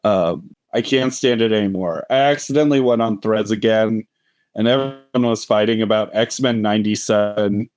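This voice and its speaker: A man's voice: fairly low pitch, normal speed, a little mellow, clear, resonant tone, no echo, studio quality. A man co-hosting a podcast in casual chat, rambling through jokey rants with plenty of fillers. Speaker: podcast co-host.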